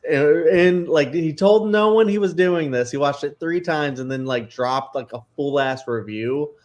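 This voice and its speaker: A man co-hosting a casual chat show, rambling with many fillers, excitable and a little emotional. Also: on the high side, measured pace. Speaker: co-host.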